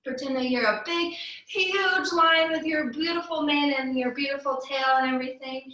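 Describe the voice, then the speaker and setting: High, bright-voiced kids yoga teacher in an echoey room. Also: female voice, moderate pace, far from the mic. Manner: upbeat and encouraging, with sung cues and playful animal sounds. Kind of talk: guiding a children's yoga class.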